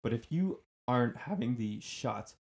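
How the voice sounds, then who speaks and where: A man's voice: medium pitch, lively intonation, moderate pace, darkish tone. Casting: male co-host, emphatic, casual podcast talk. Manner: emphatic, checks in with "okay?". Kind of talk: casual sports podcast chat.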